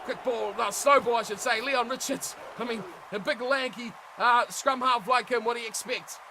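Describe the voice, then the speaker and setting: Bright, high-voiced excitable game commentator man. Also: normal speed, slight background noise, rough recording. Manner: animated, shouts at big plays, chatty asides to viewers. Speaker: gaming commentator.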